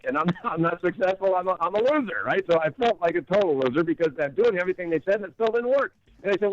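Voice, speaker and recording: A man's voice: fairly high pitch, highs cut off. A man as an interview guest, explaining with emphatic rhetorical questions and acted-out quotes. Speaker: guest author and coach.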